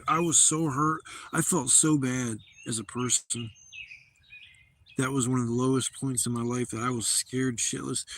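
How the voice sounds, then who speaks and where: A man's voice: mid-range voice, slight background noise. A man hosting a casual livestream from a campsite, telling a long rambling story with plenty of swearing. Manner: rambling, profane, loose storytelling. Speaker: livestream host. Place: outdoor campsite.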